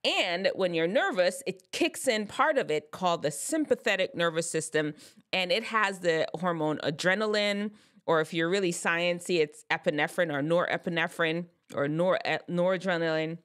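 A woman with a somewhat low voice talks straight to her viewers in a relaxed vlog. Her delivery is chatty and loose, full of restarts as she works through the science terms. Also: normal speed. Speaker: advice vlogger. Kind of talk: casual explanatory talk.

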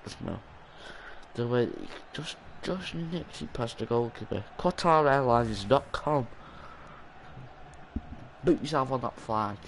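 A young man talks over his gameplay in an exasperated stream of muttering and swearing. His pitch sits in the middle for a man. A clear hiss runs under the recording. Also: animated, measured pace. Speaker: gaming channel host. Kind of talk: live gameplay commentary.

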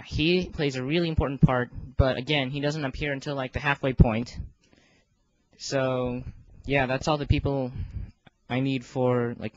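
A man's voice: medium pitch, no echo. Teen boy vlogger, self-deprecating, full of ums and restarts; dull, dry home recording. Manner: rambling and self-deprecating, many fillers and restarts. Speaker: video creator organizing a fan voice series. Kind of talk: casual rambling vlog.

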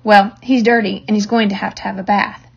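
A woman reading as a firm, brisk farm wife. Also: medium pitch, flat delivery, gravelly, breathy edge. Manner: firm, matter-of-fact. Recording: dull lo-fi recording.

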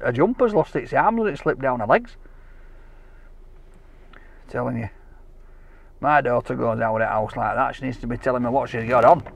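A man hosting a casual food vlog, chatting excitably while walking outdoors through city streets. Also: on the high side, gravelly, no echo. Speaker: food vlogger host.

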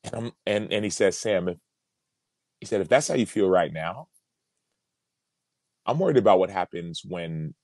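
A man's voice: low-pitched, animated, normal speed, pauses often, darkish tone, dry recording. A man in his thirties, a former pro football player, telling a personal story as a podcast guest in an earnest, reflective way, often repeating words as he builds a thought.

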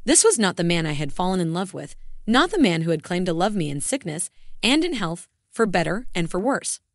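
A woman's voice: lowish voice, sing-song, fairly quick, no echo, clean studio sound. A woman telling a story in the first person, with scripted, earnest and emotional narration.

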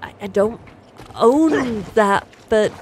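A woman's voice: on the high side, takes it slowly, a little hiss or hum. A woman with a British accent, chatting casually as co-host on a gaming livestream and reading out chat messages, laughing often.

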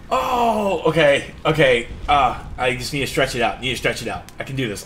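Excitable young gamer swearing at a game. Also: male voice, mid-range voice, normal speed, few pauses, slight background noise. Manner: excitable, swears a lot, laughs at himself. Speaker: gaming channel host. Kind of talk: casual gameplay commentary.

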